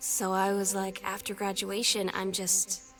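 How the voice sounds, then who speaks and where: A woman's voice: mid-range voice, completely flat delivery, a little slow, lightly acted. An actress voicing a teenage girl in a video game who is about to start college, telling a story in a chatty, self-deprecating way over background music. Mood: rueful. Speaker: game character. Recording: game audio with clear music behind.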